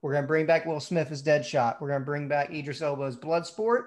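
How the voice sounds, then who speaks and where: A man with a slightly higher voice talks about movies with his friends. He is animated and enthusiastic, swears freely, and builds his ideas with a lot of energy. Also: fairly quick. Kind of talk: casual movie chat.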